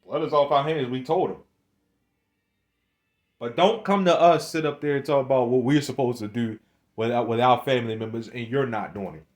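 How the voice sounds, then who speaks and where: Talking at normal speed in a medium-pitched voice, a man who makes religious videos rambles into the camera. He berates his viewers, swears, laughs between points and keeps restarting what he's saying.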